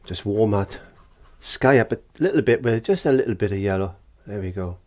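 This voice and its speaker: A man teaching a painting lesson, gentle and encouraging, sometimes dropping into whispered asides, indoors in a studio. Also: fairly low pitch, animated, normal speed. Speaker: art teacher. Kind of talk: painting tutorial.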